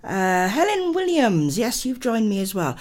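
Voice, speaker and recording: Older woman radio host, animated pitch, rambling chatty delivery, slightly unwell. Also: measured pace. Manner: chatty, affectionate, greets listeners by name. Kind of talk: casual radio chat and rambling monologue.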